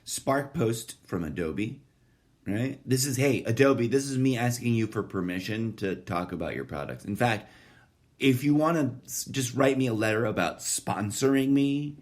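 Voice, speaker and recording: A man's voice: mid-range voice, expressive, moderate pace. A man hosting a solo podcast, talking in a profane, sardonic, rambling monologue that keeps wandering off topic. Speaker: podcast host.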